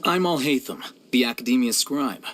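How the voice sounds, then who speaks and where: Brief: a man playing an aloof young male scholar in a game clip, mid-pitched, calm and clipped, faint ambience behind. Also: moderate pace, a little hiss or hum, close to an everyday voice. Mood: composed. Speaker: game character. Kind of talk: game voice line.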